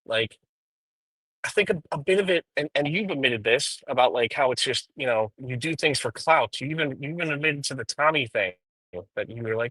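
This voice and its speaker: Bright-voiced man rambling from his car. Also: medium pitch, brisk, dry recording, rough recording. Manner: rambling and profane, with frequent ums. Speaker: streamer. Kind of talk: casual live-stream commentary while driving. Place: inside a car.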